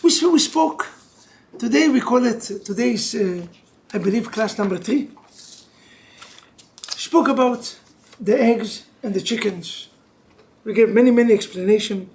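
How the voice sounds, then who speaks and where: Man, rabbi, couples class, very high voice, gravelly, animated, joking, non-native English with Hebrew terms. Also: unhurried, long pauses, slight background noise. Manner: animated and joking, swings between loud bursts and quiet intensity. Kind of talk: lively religious class for couples.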